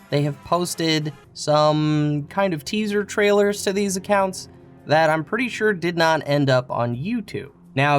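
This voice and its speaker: A man narrating a scripted game tutorial, explaining in a casual, friendly way. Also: fairly high pitch. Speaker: game guide creator.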